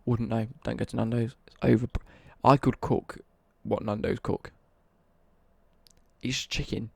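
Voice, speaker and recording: Sweary British guy ranting, gravelly. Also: medium pitch, flat delivery, a little slow, dry recording. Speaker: live streamer. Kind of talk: casual live-stream rant.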